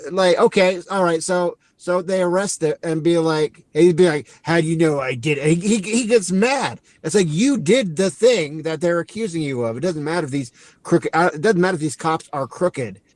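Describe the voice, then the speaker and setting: The recording is dry, and the man's voice sits on the high side as he co-hosts a podcast. He gives a casual, rambling movie recap, acting out lines with quick asides.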